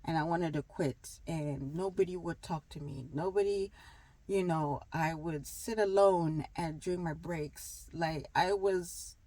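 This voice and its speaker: A woman's voice: deep voice, measured pace, mellow, no echo, poor audio. A woman in her thirties talking casually about faith and gratitude, rambling with many fillers and acting out little dialogues. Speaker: wellness vlogger. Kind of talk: casual faith talk to camera.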